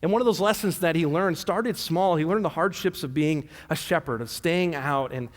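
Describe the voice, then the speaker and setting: A male pastor preaches a sermon, retelling scripture in an easygoing, conversational way. His voice sits somewhat high for a man. A long reverb trails him through the church hall. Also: moderate pace. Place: church sanctuary.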